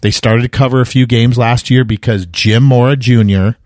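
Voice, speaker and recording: A man's voice: medium pitch, normal speed, no echo, studio quality. A middle-aged man co-hosting a sports betting podcast, chatting casually and animatedly, acting out quotes. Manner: animated, jokey, acts out quotes. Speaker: podcast co-host giving betting picks.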